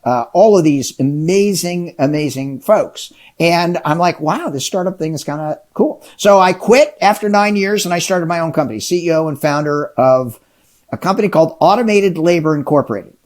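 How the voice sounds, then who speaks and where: Speaking at normal speed in a voice on the high side, a middle-aged businessman recounts his journey during a relaxed interview chat. He's energetic and enthusiastic, acting out conversations as he goes.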